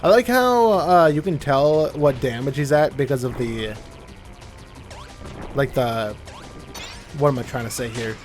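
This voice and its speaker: Soft background music accompanies a young man's casual let's-play commentary, delivered at medium pitch, a little slowly, with frequent pauses. He rambles in a chatty way and often stops to correct himself partway through a sentence.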